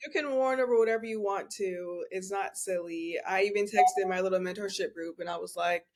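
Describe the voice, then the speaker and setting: A woman's voice: mid-range voice, a little fast, hardly any pauses, darkish tone. A young woman guesting on a casual podcast, telling stories in a chatty way full of fillers.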